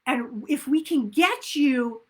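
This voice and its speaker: A woman's voice: sits high, animated, takes it slowly, breathy edge. A woman weight loss coach giving an upbeat, emphatic motivational talk and acting out inner self-talk.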